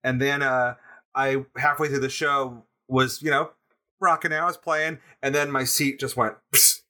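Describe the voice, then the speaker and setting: Bright-voiced man telling a rambling story. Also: mid-range voice, fairly even intonation, normal speed. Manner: rambling anecdotes with laughs and restarts. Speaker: guest drummer. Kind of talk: casual storytelling. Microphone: video chat.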